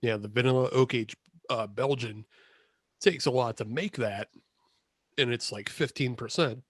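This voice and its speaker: A man of medium pitch talks a little slowly in a husky voice, recorded dry with studio quality. He's a podcast co-host chatting casually over a video call, rambling, correcting himself and laughing often.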